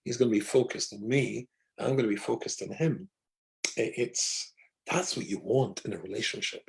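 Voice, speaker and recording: A man's voice: mid-range voice, moderate pace, vocal fry, poor audio. An older man, a rabbi from Britain, telling reflective stories in a casual conversation. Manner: storytelling, reflective.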